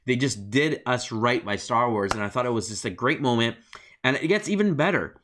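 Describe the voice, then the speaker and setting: Excited man recapping a TV episode. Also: mid-range voice, fairly quick, slight background noise. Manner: excited, retells scenes with acted-out quotes and many fillers. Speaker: podcast co-host. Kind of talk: casual review chat.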